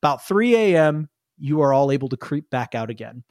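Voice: medium pitch, sing-song, fairly quick, a little mellow, no echo, clean studio sound. A game master narrating a tabletop game, rambling and often laughing.

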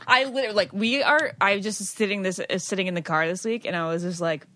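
A woman's voice: medium pitch, fairly quick, pushed and bright, dry recording. Woman podcast co-host, giggly and gushing, mid-range, dry close sound. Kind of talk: casual chat.

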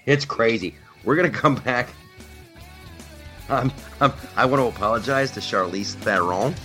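A man's voice: medium pitch, moderate pace, pushed and bright, faint music behind. A man hosting a podcast, talking politics in a rambling, emphatic, joking way. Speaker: podcast host. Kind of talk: casual political chat.

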